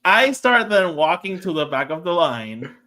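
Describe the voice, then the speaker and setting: This man talks with a bright, pointed tone that sits somewhat high for a man. He is co-hosting a podcast and tells a story in a loose, chatty way, slipping into the voices of the people in it. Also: normal speed. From Puerto Rico. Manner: animated, acts out quoted dialogue. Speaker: podcast co-host. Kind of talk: casual storytelling chat.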